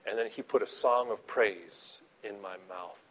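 A man preaching a sermon as a pastor, animated, swinging between soft asides and loud emphasis. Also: on the low side, a little slow, husky.

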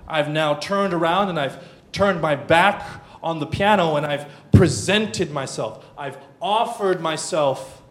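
A middle-aged man preaching a sermon, swinging from hushed tones to loud bursts. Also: fairly high pitch, measured pace, hardly any pauses. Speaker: pastor.

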